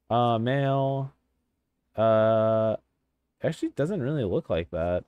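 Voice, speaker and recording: Low-voiced, lively gamer guy. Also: slow, clear, resonant tone. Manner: excitable, chatty, casual swearing. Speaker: gaming channel host. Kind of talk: casual let's-play commentary.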